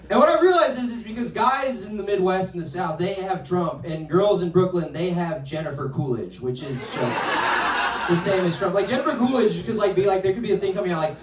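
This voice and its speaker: A man's voice: high-pitched, lively intonation, fast, far from the mic. Young man doing stand-up in a roomy club. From North Carolina, USA. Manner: rambling, self-deprecating, acts out quoted voices. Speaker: stand-up comedian. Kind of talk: stand-up comedy set. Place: comedy club with a laughing audience. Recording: roomy club sound, crowd laughter.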